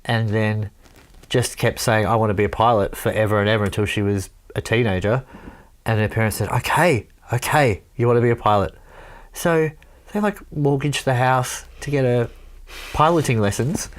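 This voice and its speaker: A man's voice: mid-range voice, normal speed. A Welsh man chatting on a podcast, spinning a meandering anecdote. His voice sits in a middle register, and he drifts through the story with easy laughs and the odd swear word. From Wales. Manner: rambling, laughs often, swears. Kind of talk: casual storytelling chat.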